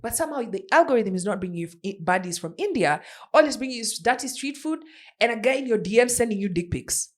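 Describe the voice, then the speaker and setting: Woman, around forty, podcast host, casual news chat, lively swooping pitch, rhetorical questions. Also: fast. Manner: chatty, animated, full of rhetorical questions. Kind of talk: casual pop-culture news commentary.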